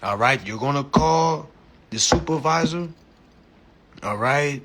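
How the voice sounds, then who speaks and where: A man voicing an overly polite, calm British gentleman with a put-on British accent and mock-formal manner. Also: high-pitched, normal speed, background noise. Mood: calm assertive.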